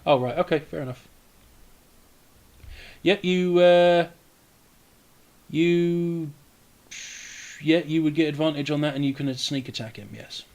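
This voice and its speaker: A man narrating as game master, relaxed, with frequent hesitations while describing the scene. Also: fairly high pitch, a little slow, pauses often.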